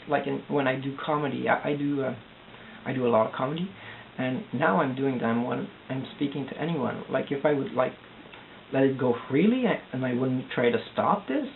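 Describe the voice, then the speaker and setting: A distressed young man from Quebec, rambling anxiously in a confessional video diary, halting and repeating himself. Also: mid-range voice, vocal fry. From Quebec, Canada. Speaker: vlogger. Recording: tinny lo-fi audio with hiss.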